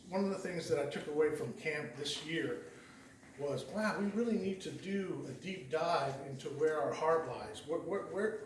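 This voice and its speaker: A man's voice: on the high side, slight background noise. Folksy man preaching in an echoey church. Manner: folksy, rambling, frequent restarts and repeated words. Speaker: lay preacher. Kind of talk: conversational sermon with storytelling. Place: church sanctuary. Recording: echoey church hall heard from a distance.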